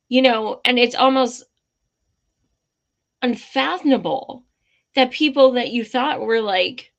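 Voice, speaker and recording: A woman's voice: on the high side, a bit bright, lo-fi sound. A woman hosting a live commentary stream, impassioned and blunt, swearing freely. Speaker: livestream host.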